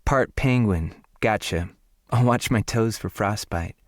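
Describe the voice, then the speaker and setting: A man reading an audiobook voices a soft-spoken, shy young woman with a gentle delivery. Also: fairly low pitch, measured pace, no room sound, studio quality, pitched above the performer's own voice, lightly acted.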